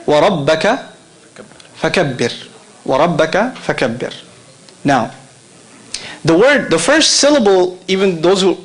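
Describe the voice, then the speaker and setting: Before a live crowd, a middle-aged man delivers a lively Islamic lecture in a slightly high voice. He frequently asks the audience questions and laughs while talking, and the recording quality is poor.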